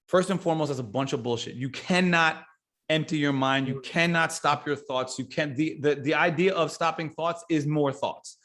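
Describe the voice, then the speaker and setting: A man in casual podcast conversation, his voice sitting a bit higher than most men's. He talks bluntly, swears freely and circles back on himself, then climbs into lively, excited examples. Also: moderate pace. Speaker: podcast guest.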